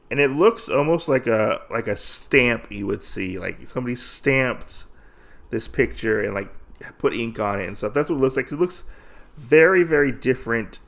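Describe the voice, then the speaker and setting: A man's voice: mid-range voice, vocal fry, fairly bright tone. A man hosting a podcast, recapping a comic in a casual, rambling way with many fillers. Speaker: podcast host.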